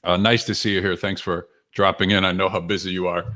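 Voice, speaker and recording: An energetic man hosts a live stream and speaks straight to his viewers, greeting them by name. His voice is bright and forward, and his delivery is upbeat, loose and full of fillers and quick restarts. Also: deep voice. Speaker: author and livestream host. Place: home or office with books behind him.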